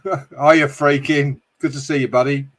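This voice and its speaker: Casting: middle-aged British male streamer, jokey and sweary, chatting to viewers, mid-pitched voice. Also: fairly even intonation, moderate pace. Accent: British English. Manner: jokey, swearing, frequent laughs. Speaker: livestream host reading chat. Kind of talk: casual livestream chat.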